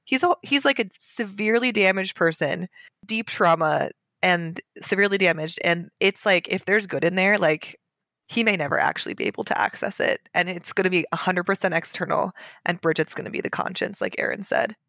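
A woman's voice: fairly low pitch, lively intonation, fairly quick, a bit bright, no room sound. A woman co-hosting a romance book podcast, talking casually and frankly as she explains plot points. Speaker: podcast co-host.

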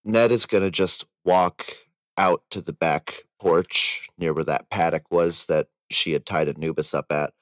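A man playing his character in a tabletop role-play, calm and placating with hesitant restarts. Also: deep voice, a little slow, no echo. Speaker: tabletop game player.

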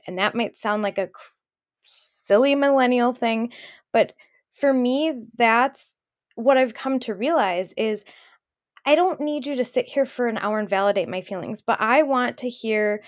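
A woman's voice: fairly high pitch, a little slow. A woman co-hosting a podcast, telling a personal story in an open, emotional way. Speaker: podcast co-host. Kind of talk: casual chat.

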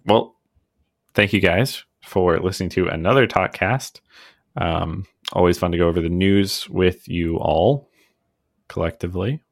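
Low, gravelly podcast co-host man. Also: measured pace, no room sound, clean studio sound. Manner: relaxed, chuckling, trails off with fillers. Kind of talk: casual chat.

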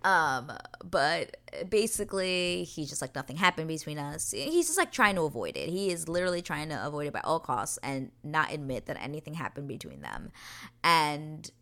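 A woman with a notably low-pitched voice breaks down a TV episode scene by scene in a casual, talkative way. She swears freely and retells the characters' lines in modern everyday slang. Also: sing-song, normal speed, fairly bright tone. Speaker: TV episode recap host.

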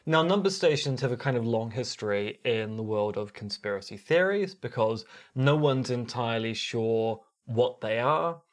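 Man, New Zealand accent, podcast co-host, casual explanatory chat, mid pitch. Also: lively intonation, moderate pace, few pauses. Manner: explanatory, storytelling delivery.

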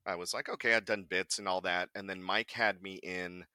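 Male podcast guest, low bright voice, dry close sound, lively storyteller who acts out quotes. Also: fairly quick, smooth, no echo. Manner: animated storyteller, acts out quotes, laughs often. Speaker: voice actor guest. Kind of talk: casual podcast chat.

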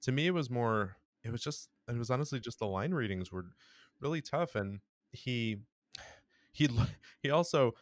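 A man co-hosting a casual podcast chat, giving blunt, wry criticism with halting restarts. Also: mid-range voice, expressive, no room sound, studio quality. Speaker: podcast co-host.

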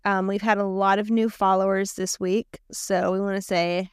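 A woman co-hosts a podcast in a chatty, giggly way and leans on plenty of fillers. Her voice is smooth and clear at an ordinary middle pitch. The close mic sounds dry. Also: little pitch movement, normal speed, no echo. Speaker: podcast co-host. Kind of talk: casual podcast chat.

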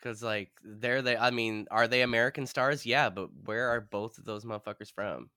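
Excitable, bright-voiced joking man. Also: medium pitch, normal speed, clear, resonant tone, dry recording, clean studio sound. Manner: excitable and jokey, swinging from loud to hushed. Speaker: podcast panelist. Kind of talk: casual chat.

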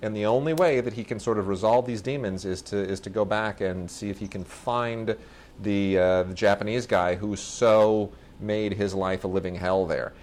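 A man's voice: fairly low pitch, fairly even intonation, moderate pace, a little mellow. Enthusiastic man rambling about films. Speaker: podcast host reviewing films. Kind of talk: casual film review chat.

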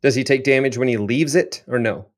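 A man's voice: medium pitch, fairly quick. A man running a tabletop game as game master, narrating the action in a loose, descriptive way.

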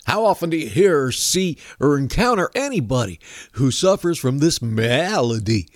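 A man's voice: fairly high pitch, very animated, normal speed, no room sound. Man doing a Southern accent, pompous bigoted older guy, drawling, mock-sympathetic, dry close sound. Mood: mock-pious. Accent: American Southern.

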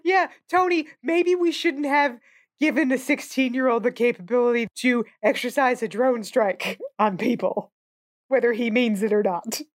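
Woman co-host, a bit high, wry and sarcastic, dry close sound. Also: steady tone, normal speed, no room sound. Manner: wry, sarcastic, laughs often. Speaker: podcast co-host. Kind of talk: casual movie discussion.

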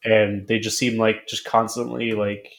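A man co-hosting a podcast in casual chat, halting and repeating filler words as he thinks aloud. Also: lowish voice, little pitch movement, gravelly, a bit bright. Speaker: podcast co-host.

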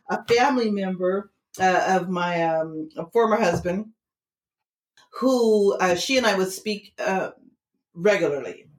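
Animated woman telling a story, roomy sound. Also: mid-range voice. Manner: animated storyteller acting out quoted voices. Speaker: interview guest, tarot teacher. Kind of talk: casual storytelling interview. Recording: roomy echo.

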